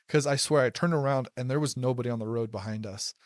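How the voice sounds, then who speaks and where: A man's voice: mid-range voice, fairly even intonation, brisk, few pauses, no room sound, clean studio sound. A young man casually telling a personal story, rambling, with lots of "like" and restarts. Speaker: podcast host telling personal stories.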